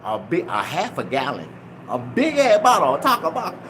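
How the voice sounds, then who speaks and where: A young man casually telling a rambling, profane story in an animated way. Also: on the high side, normal speed, a little hiss or hum. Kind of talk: casual anecdote.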